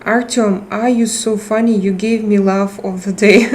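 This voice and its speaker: A woman hosting a casual live chat, reading messages and talking to viewers in slow, chatty English with non-native phrasing. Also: medium pitch, steady tone, a little mellow. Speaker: livestream host reading chat.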